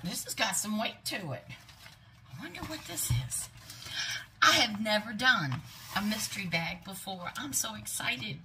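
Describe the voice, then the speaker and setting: Casting note: middle-aged woman vlogger, very bright gushing voice, slow unhurried talk, faint noise behind. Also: mid-range voice. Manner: gushing, exclaims often, whispers asides. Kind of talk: unboxing vlog, casual chat.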